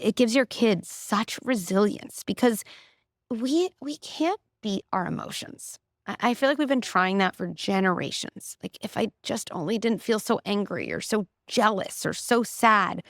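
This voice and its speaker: Middle-aged woman, expressive guest expert, dry close recording. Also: mid-range voice, dry recording. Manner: animated, explanatory, frequent "like" and "right?". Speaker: clinical psychologist, podcast guest. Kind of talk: conversational interview.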